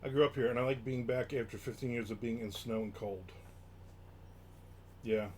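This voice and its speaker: A man's voice: medium pitch, steady tone, moderate pace, darkish tone, slight background noise. A man hosting a casual live stream, chatting and reading viewer comments aloud as he rambles from topic to topic. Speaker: livestream host.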